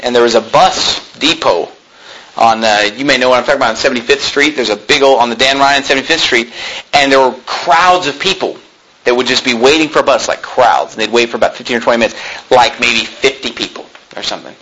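A male pastor preaching a sermon in an emphatic way, mocking street preachers with loud shouted impressions. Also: medium pitch, fast, poor audio.

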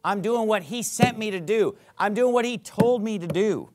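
A man, a pastor, preaching a sermon and reading scripture aloud. He talks emphatically, repeats his points, and builds to loud peaks. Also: sits high, moderate pace, heavy background noise. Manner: reads scripture aloud in King James wording.

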